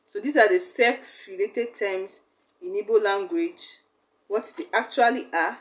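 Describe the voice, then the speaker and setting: A woman's voice: mid-range voice, unhurried. A young woman, teaching a language lesson in a chatty, explaining way. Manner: chatty, acts out little quoted exchanges.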